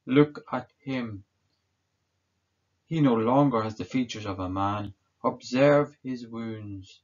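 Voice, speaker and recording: A man's voice: mid-range voice, takes it slowly, a little mellow, voice pushed up. A man voicing a weary Roman governor who pleads with a crowd in a solemn, declaiming way. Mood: pleading. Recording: dull lo-fi recording.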